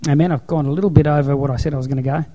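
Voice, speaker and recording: Mellow-voiced male preacher, emphatic storyteller. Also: on the high side, steady tone, very fast. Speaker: pastor. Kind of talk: sermon.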